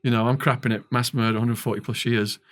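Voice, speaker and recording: An English man, a podcast guest, telling a long story in an animated way, with quick restarts and asides. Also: medium pitch. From England.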